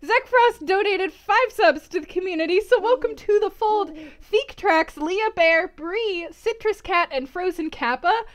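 A woman's voice: very high voice, unhurried, few pauses. A woman livestreaming, giggling and gushing as she thanks viewers and reads out long lists of names.

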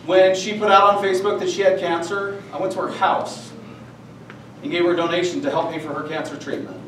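A man's voice: high-pitched, fairly even intonation, fairly quick, fairly bright tone. A man presenting a training session to teachers, speaking earnestly and candidly and sharing personal stories. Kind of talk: professional development talk to teachers. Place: school meeting room. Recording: echoey room from far off, faint noise.

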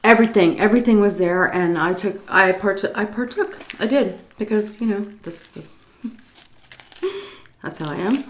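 A young woman vlogger casually telling a story, animated and swearing, acting out quotes loudly. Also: mid-range voice, normal speed, slight background noise.

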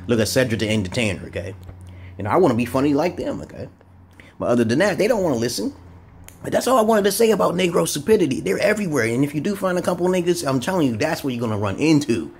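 A man vlogging a rambling, profane monologue, tagging lines with "okay?" and jumping up in pitch for emphasis. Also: slight background noise. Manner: animated, jumps up in pitch for emphasis. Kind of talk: casual ranting monologue.

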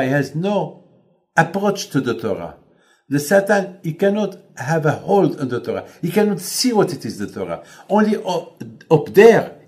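A man's voice: a little high, darkish tone. A man acting as rabbi, giving a storytelling sermon with rhetorical questions in non-native English.

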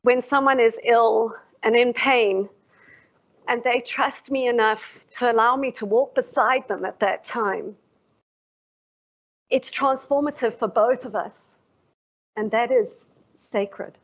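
Woman lecturer, reflective, poses questions to the room; slightly high voice, muffled livestream sound. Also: slow, pauses often. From South Africa. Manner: reflective, asks the audience questions. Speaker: professor giving a lecture. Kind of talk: formal public lecture. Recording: dull lo-fi livestream audio.

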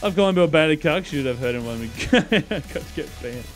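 A man chats with his live-stream audience while playing, teasing them with mock outrage and breaking into laughter. His voice sits a little high for a man, and soft music plays faintly beneath it. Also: animated, a little fast. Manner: joking, sarcastic banter with chat, laughs often. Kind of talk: casual live-stream gaming chat.

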